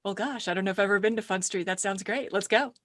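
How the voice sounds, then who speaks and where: A woman's voice: medium pitch, quick pace, no room sound. Chatty middle-aged woman, dry sound. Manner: chatty, laughs easily, animated storytelling. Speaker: podcast guest, speaker agent. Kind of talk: casual interview chat.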